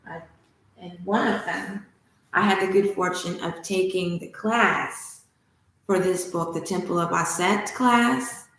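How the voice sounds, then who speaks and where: A woman hosting a spiritual livestream, teaching and telling a myth with enthusiastic, animated delivery. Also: fairly low pitch, slow pace, vocal fry. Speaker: spiritual study host. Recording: echoey room.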